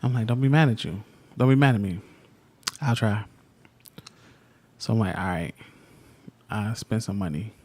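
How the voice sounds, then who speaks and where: A man's voice: fairly low pitch, moderate pace, long pauses, a little mellow. A man in his thirties co-hosting a podcast with his wife, telling stories in a laid-back, slangy way. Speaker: podcast co-host. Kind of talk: casual couple chat.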